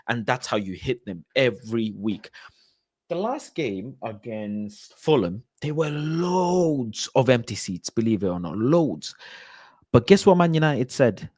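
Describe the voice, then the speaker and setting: A man's voice: mid-range voice, a little mellow, husky, no echo, clean studio sound. A man hosting a call-in show, chatting casually, reading out viewer comments and arguing his points emphatically with lots of repetition. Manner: emphatic, repeats points for stress.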